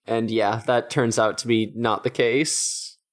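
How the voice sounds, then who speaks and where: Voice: mid-range voice, takes it slowly. A co-host in a casual podcast chat, recapping the plot in an easygoing way with frequent mm-hmms. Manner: relaxed recapping, many affirming mm-hmms.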